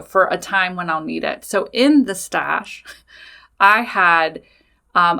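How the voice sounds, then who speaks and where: A woman tells a personal story on her podcast, with a bright, forward voice. She talks in a candid, animated way and swears casually as she goes. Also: mid-range voice, gravelly. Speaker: podcast host.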